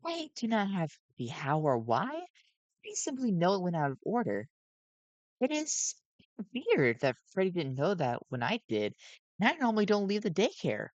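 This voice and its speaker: Man putting on a nervous robot caretaker, soft, hesitant, formal, raised pitch, dry. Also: huge pitch swings, moderate pace, dry recording, dull audio. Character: fretful robot daycare attendant, gentle and nervous.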